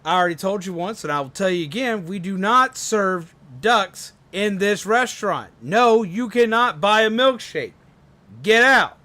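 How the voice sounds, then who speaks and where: Angry restaurant manager, played by a man, stern, firm, bright tone. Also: sits high, very fast, few pauses. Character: irate male fast-food restaurant manager.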